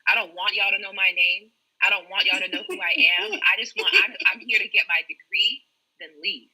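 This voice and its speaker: A woman's voice: medium pitch, expressive, a little fast, pushed and bright, breathy edge, poor audio. A woman medical student on a podcast panel, telling a candid, emotional story in casual talk.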